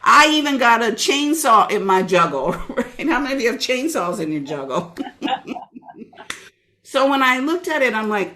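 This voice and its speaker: A middle-aged woman business coach giving an energetic, preachy motivational webinar talk and calling out listeners by name. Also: a little high, moderate pace.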